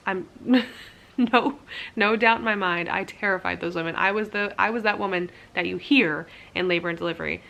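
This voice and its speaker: Bright-voiced young woman telling her story. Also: mid-range voice, normal speed, vocal fry. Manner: chatty, candid, frequent "like" fillers, laughs at herself. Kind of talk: casual storytelling to camera.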